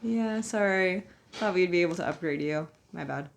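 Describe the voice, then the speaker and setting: A woman playing a game while chatting, animated and quick to exclaim and laugh. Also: lowish voice, vocal fry. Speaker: co-host, player. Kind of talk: casual chat while gaming.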